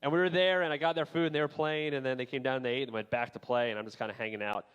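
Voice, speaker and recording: A man's voice: mid-range voice, fairly even intonation, very fast, fairly bright tone, clean tone, highs cut off. A man in his thirties, a pastor, preaching a sermon and telling a personal story in a casual, chatty way with many fillers. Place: church sanctuary.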